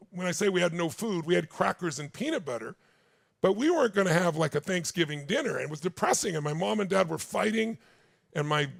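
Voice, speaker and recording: A man's voice: high voice, gravelly, no echo, clean studio sound. A man in his sixties giving a motivational seminar talk, telling stories intensely and speaking straight to his audience. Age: 60s. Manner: intense storytelling, addresses the audience directly. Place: large stage with live audience.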